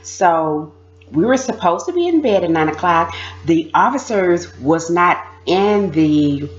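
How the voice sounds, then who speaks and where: Low-pitched woman, casual animated storyteller, dull lo-fi sound. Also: takes it slowly. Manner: animated, mimics voices, laughs while telling. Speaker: former prisoner sharing experiences.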